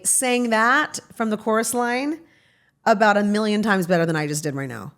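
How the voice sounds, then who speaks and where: A middle-aged woman telling rambling, animated anecdotes as a guest in a casual interview. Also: medium pitch, normal speed, soft background music. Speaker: guest, talent manager.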